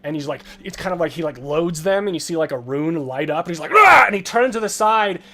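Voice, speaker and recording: A man narrating as game master, slow and halting with many fillers. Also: fairly high pitch, fairly bright tone.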